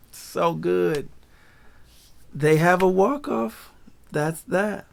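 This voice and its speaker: A man hosting a casual, animated episode breakdown, full of slang and laughter. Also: high voice, drawn-out words, vocal fry, pauses often. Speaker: show recap host.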